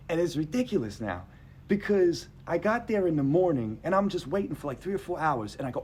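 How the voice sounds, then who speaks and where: A man's voice: a little high, fairly quick, slight background noise. A man telling a personal story to a live audience, rambling and conversational, emphatic as he acts out what others said. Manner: animated, emphatic, acts out quotes.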